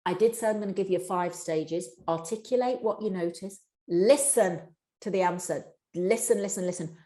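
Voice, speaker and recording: A woman giving a long, practical answer on workplace mental health during a live session. She talks fast, restarts sentences often and speaks straight to her audience. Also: fairly low pitch, dark tone, roomy sound. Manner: fast-talking, with many restarts. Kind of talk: live webinar answer to a question.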